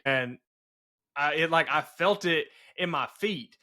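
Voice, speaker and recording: A man talks through a family story in a casual podcast chat. He restarts his sentences often and stays earnest. His voice sits a little high and sounds bright and forward. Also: takes it slowly. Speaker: podcast host. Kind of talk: casual conversation.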